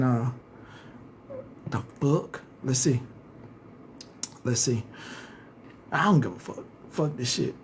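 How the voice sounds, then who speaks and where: A man's voice: medium pitch, a little mellow, slight background noise. Profane, ranting male stream host. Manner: cursing heavily, taunting viewers directly; rambling with many restarts. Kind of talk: casual profane live-stream rant.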